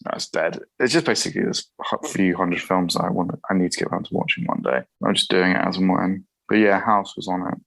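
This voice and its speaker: Male podcast co-host, lowish voice with lots of swing, jokey and laid-back. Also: fast, gravelly, hardly any pauses, rough recording. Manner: relaxed, jokey, swears casually. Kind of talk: casual chat.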